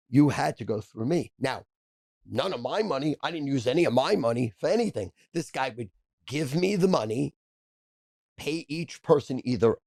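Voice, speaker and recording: A man's voice: mid-range voice, gravelly, a little mellow, dry recording. A man, a podcast guest telling profane, brash stories in casual chat. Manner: brash, profane, rapid storyteller.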